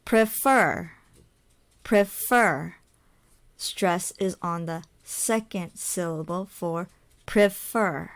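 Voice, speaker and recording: A woman teaching an English lesson in a slow, patient way, saying example words and repeating them. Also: medium pitch. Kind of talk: ESL lesson.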